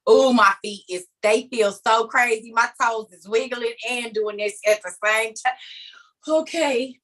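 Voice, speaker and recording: Animated high-voiced woman preaching. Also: measured pace. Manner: dramatic storyteller who acts out scenes and laughs often; emphatic and repetitive, addressing listeners directly. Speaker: speaker leading an online group meeting. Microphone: video call.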